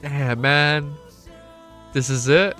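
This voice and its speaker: A young man streaming to his chat, excitable and emotional, swearing often and reading chat messages aloud. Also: a little high, drawn-out words, soft background music. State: emotional, close to tears. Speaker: streamer reacting to a web novel. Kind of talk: casual live-stream chat.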